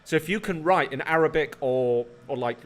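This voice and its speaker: A man's voice: on the high side, normal speed. A man co-hosting a live football watch-along, playful and fond of quizzing his partner. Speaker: co-host.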